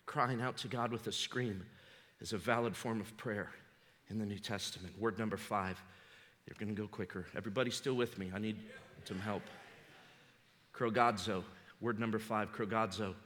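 A man's voice: fairly low pitch, fairly even intonation, fairly quick, fairly bright tone. A man preaching a sermon as a pastor, fervent and emphatic. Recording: long hall reverb.

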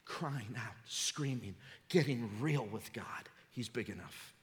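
A man's voice: medium pitch, animated, slow. A man preaching a sermon as a pastor, fervent and emphatic. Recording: long hall reverb.

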